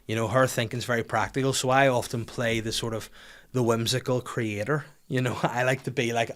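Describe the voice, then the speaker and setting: A man hosts a podcast with a loose, rambling monologue. He tells crude, self-mocking stories, restarts his sentences often, and speaks at a middling pitch. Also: steady tone, brisk, fairly bright tone. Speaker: podcast host. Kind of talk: casual comedic monologue.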